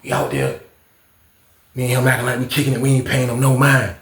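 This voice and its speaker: A man telling a casual storytime tale, animated and profane, often repeating his own catchphrases. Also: medium pitch, brisk, reverberant, slight background noise. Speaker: storyteller, channel host.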